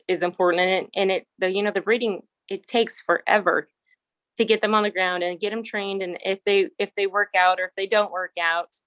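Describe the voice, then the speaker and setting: A woman's voice: medium pitch, fairly bright tone, no room sound. Woman, horse trainer, casual interview, rambling restarts, frequent laughs, dry close sound.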